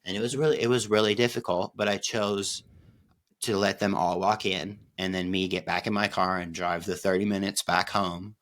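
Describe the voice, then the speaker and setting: Deep-voiced man rambling through a story. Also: steady tone, moderate pace, fairly bright tone. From Oregon, USA. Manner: rambling, profane, many fillers and restarts. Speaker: podcast co-host. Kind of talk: casual personal storytelling.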